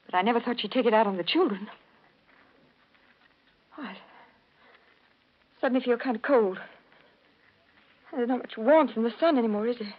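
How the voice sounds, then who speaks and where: A gentle woman doctor and mother, played by an actress, pleads softly in a fairly high voice. The 1940s radio recording sounds dull. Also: normal speed, pauses often, close to an everyday voice. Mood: pleading. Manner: soft, pleading.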